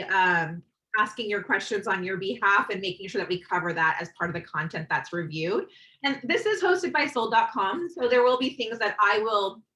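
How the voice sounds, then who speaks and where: Bright-voiced woman webinar host. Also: mid-range voice, rough recording. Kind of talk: webinar introduction.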